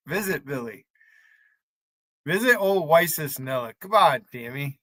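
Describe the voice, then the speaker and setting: A man's voice: on the high side, moderate pace, bright, forceful tone, no echo. A man hosting a livestream, ranting at viewers in his chat by name, taunting and cursing them. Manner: profane, taunting, combative. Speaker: livestream host.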